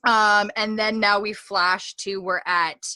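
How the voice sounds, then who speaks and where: Bright, giggly woman recapping a show. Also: medium pitch, fairly even intonation, slow pace, no room sound. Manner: giggly, rambling storyteller with many fillers. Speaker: podcast co-host recapping an episode. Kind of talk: casual chat. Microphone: desk podcast mic.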